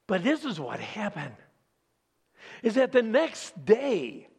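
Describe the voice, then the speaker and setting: A male pastor preaching a sermon as an animated storyteller with dramatic pauses. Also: sits high, vocal fry, husky.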